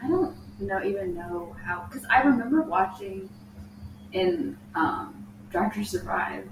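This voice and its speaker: A woman's voice: mid-range voice, big pitch swings, a little slow. A young woman co-hosting a casual podcast, teasing and asking lots of questions. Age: young adult. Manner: joking, teasing, asks many questions. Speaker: podcast co-host. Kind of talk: casual chat. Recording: echoey room, mic far off, faint noise.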